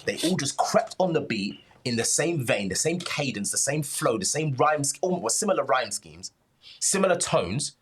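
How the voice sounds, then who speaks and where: A young man, reacting casually to a rap track as co-host, excitable and swearing, repeating himself for emphasis. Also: mid-range voice, normal speed, husky.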